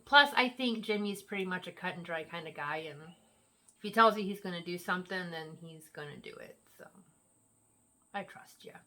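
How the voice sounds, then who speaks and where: Bright, playful woman host, casual at-home chat. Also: lowish voice, moderate pace. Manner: chatty, teasing, playful. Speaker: vlog host.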